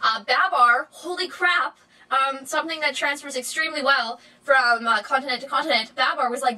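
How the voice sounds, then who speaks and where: Bright, rambling young woman. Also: low-quality recording. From Canada. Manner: rambling, lots of fillers and self-corrections; animated, jumps to high squeals. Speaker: vlogger. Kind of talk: casual chatty vlog monologue.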